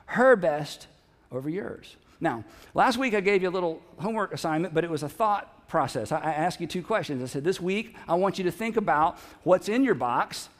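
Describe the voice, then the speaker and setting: A male pastor preaching a sermon in a church, conversational and joking with the congregation. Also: sits high. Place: church sanctuary. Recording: long hall reverb.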